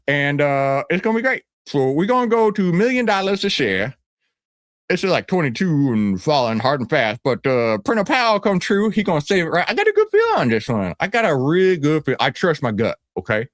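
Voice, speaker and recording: A man's voice: on the high side, no room sound, clean studio sound. A man playing a brash, boastful stock-hype guru who talks in swaggering slang and rambles. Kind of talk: comedic character skit.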